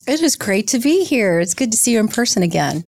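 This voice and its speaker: A woman, a startup founder, answering questions in an interview in a lively, explanatory, conversational way. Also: a little high, fairly quick, creaky, no echo. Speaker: guest, startup co-founder and CEO.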